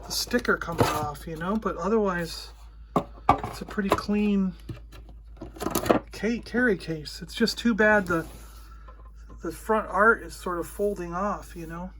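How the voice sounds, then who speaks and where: A man hosting his own vlog, casually retelling a story in an animated way, acting out the voices of the people he quotes. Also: high-pitched, a little slow, long pauses, very noisy. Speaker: host. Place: indoors toy room.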